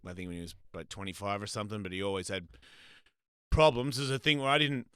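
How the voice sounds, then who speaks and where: A man's voice: on the low side, quick pace, clear, resonant tone, no echo, studio quality. A man hosting a casual live stream, telling crude, rambling stories and acting out other people's voices. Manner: crude, rambling storyteller with loud quoted voices. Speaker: host.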